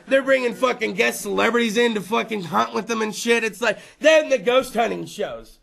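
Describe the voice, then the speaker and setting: Male host, thirties, profane stand-up rant; bright, edgy timbre. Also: extremely high pitch, moderate pace, creaky, few pauses. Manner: crude, profane, rambling storyteller. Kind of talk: stand-up style rant to a live room. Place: room with small live audience.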